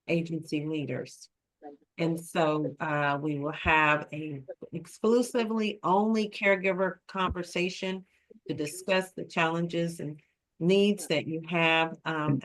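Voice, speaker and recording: A woman's voice: low voice, a bit bright. A woman facilitating an online meeting, speaking with many ums and easy laughter. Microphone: video call.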